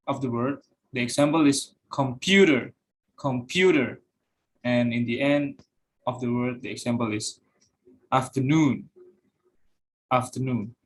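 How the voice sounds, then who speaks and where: A man's voice: medium pitch, a little hiss or hum. A young man giving a class presentation, reading out points with frequent fillers and repeating each example word. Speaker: student presenter.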